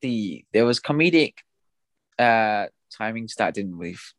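A man's voice: lowish voice, a little slow, no echo. Stammering man with a dry voice. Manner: stammering, repeats words, excitable. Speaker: podcast co-host. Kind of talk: casual film review chat.

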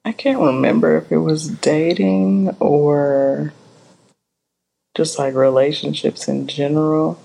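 A woman's voice: deep voice, fairly even intonation, slow, gravelly, mellow. A woman co-hosting a podcast in a casual, laid-back chat, drawing out her thoughts and chuckling now and then. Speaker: podcast co-host.

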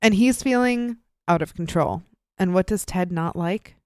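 A young woman co-hosting a podcast, telling a true-crime story in casual, animated chat, swearing freely and acting out the people in it. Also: lowish voice, moderate pace, smooth, no room sound, clean studio sound. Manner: animated, profane, acts out quoted voices. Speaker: podcast co-host.

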